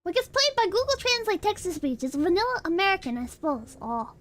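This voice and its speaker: Streamer: very high, bright woman's voice, lively and giggly, light music under it. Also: a little fast. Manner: giggly, banters with chat, breaks into shrieking laughter. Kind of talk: casual chat with viewers.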